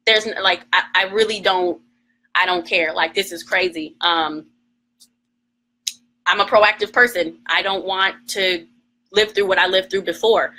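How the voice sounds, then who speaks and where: A morning show co-host rants emotionally on a phone livestream, heated, emphatic and defiant. Her medium-pitched voice has a sharp tone, and the audio quality is poor.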